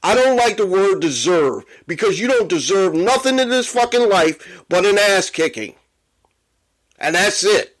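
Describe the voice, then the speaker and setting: A man's voice: high voice, lively intonation, measured pace. A man hosting a sports podcast, ranting angrily and swearing a lot as he gets worked up. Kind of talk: profane sports rant.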